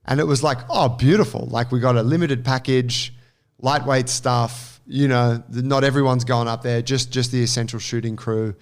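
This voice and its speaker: A man, co-hosting a casual chat and telling an animated, sweary story. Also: mid-range voice, normal speed, clean tone. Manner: animated storyteller, swears freely, acts out quotes. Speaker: podcast co-host.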